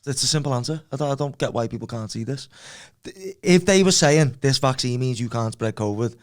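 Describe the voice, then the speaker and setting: A man's voice: mid-range voice, animated, a little fast. Blunt male fighter, podcast guest, hammers his point home. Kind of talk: casual podcast debate.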